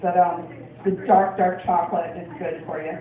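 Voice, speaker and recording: A woman's voice: fairly low pitch, little pitch movement, normal speed, a crowd in the background. Woman stand-up comic, rambling, ums and laughs, far from the mic, echoey room, thin phone-like sound. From Portland, Oregon. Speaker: stand-up comedian. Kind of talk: stand-up comedy set. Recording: distant, echoey, phone-like club recording.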